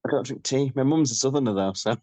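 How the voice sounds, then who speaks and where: A man's voice: mid-range voice, fast, no echo. Brief: Yorkshire-accented male rocker guest, mid voice, dry close sound, easygoing and humble. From Yorkshire, England. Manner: relaxed, rambling, modest. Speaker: rock band frontman, guest. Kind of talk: casual interview chat.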